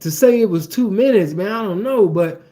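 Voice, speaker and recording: A man with a high-pitched voice tells a profane personal story in loose, casual talk. He keeps it animated and peppers it with fillers as he goes. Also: moderate pace.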